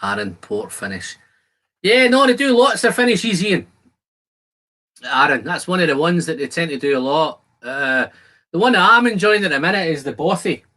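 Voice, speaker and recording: A man hosts a whisky-tasting livestream from his shed, chatting casually and joking with viewers as he reads out their comments. His voice is bright and forceful and sits a little high for a man. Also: expressive, moderate pace. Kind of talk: casual live-stream chat while tasting whisky. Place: home shed.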